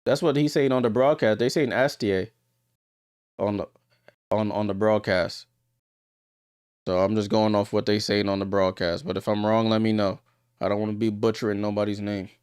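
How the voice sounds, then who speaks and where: A man's voice: lowish voice, steady tone, normal speed, long pauses, clean tone, dry recording, studio quality. Chatty man calling a game live. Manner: chatty, talks straight to viewers, gets louder on big plays. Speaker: livestream watchalong host. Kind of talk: casual live game commentary.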